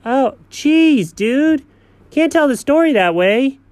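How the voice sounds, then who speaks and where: A man voicing an excitable, easily alarmed pet with a high voice. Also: slow, no echo, heavily acted.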